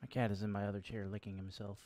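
A man's voice: lowish voice, flat delivery, fast talker, dark tone. A young man giving casual, joking commentary while he plays a horror game at home, swearing now and then and talking to the enemies. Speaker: gameplay streamer. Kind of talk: casual let's-play commentary. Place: home room.

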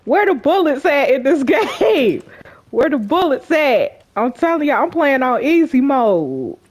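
A woman doing casual gameplay commentary, her high voice swinging widely as she exclaims. She talks to her viewers in a chatty, slangy way and laughs nervously, though her overall pace is unhurried. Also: very animated. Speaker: gaming YouTuber.

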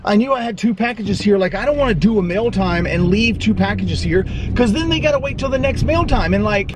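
High-voiced laid-back swearing young man. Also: lively intonation, fairly quick, few pauses, background noise. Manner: laid-back, profane, rambling with many "like" fillers. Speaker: vlogger. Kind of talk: casual vlog chat. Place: outdoors, in his car and indoors at home. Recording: roomy camera audio.

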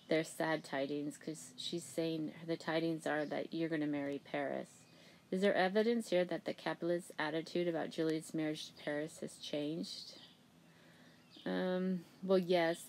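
A woman's voice: low-pitched, darkish tone, a little hiss or hum, poor audio. A woman teacher talking through a reading assignment casually, with lots of "okay" and "um" as she paraphrases. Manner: plain, chatty paraphrasing with many "okay" and "um" fillers. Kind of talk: casual classroom explanation.

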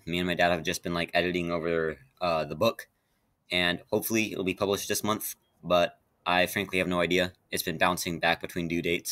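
A man's voice: low voice, fairly bright tone, dry recording. A man chatting in a rambling casual vlog, with many fillers and restarts. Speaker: YouTuber.

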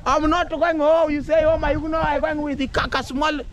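High-voiced excited Kenyan man vlogging. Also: fairly quick. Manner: excited, rambling, mixes English and Swahili, laughs often. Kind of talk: casual vlog talk to camera. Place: outdoors in a rural village.

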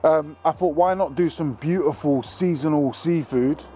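A man's voice: fairly high pitch, moderate pace, warm tone, a little hiss or hum. Cheeky, sweary man cooking. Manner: cheeky, sweary, talks straight to camera. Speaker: cooking show host. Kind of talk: casual cooking demonstration. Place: outdoor cooking spot with barbecue.

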